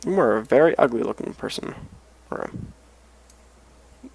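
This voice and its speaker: A man's voice: medium pitch, animated, a little fast, vocal fry, a little hiss or hum, low-quality recording. A tired man casually rambling as he comments on a game he is playing, with mumbled asides. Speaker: let's play host.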